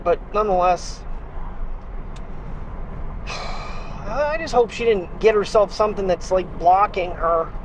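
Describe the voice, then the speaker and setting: A man's voice: high-pitched, a little hiss or hum. A man talking casually to his camera at home about his sick dog, rambling and worried, filmed on a handheld gimbal with a wireless mic. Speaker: daily vlogger. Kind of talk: casual vlog talk to camera. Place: home and backyard at night.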